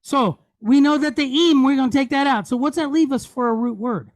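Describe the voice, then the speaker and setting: A man teaching a Hebrew reading lesson, patiently spelling out letters and vowels and repeating each word slowly. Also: very high voice, no room sound, clean studio sound. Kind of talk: classroom teaching.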